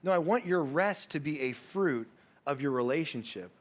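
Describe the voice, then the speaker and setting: A man's voice: on the high side, lively intonation, normal speed. A man preaching a sermon as pastor, telling a story with humor and acting out the people in it. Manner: storytelling with humor, acts out quoted voices.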